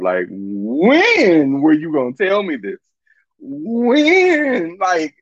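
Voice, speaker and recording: A man tells a story in a lively, swooping voice, full of slang, swearing and frequent laughter. The recording is dry and a little muffled. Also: medium pitch, no echo. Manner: animated, profane, laughs often. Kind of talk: casual storytelling monologue.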